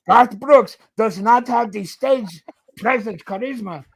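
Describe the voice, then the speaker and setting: A man's voice: very high-pitched, slow, gravelly, slightly rough. A man in his fifties, a podcast host, ranting in a casual chat, swearing and tagging his points with "okay?".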